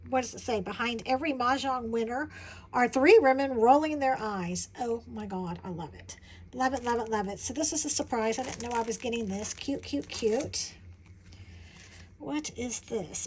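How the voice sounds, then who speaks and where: A woman chatting excitedly as she unboxes something, gushing and exclaiming with little giggles. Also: on the high side, a little hiss or hum, poor audio. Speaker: vlogger.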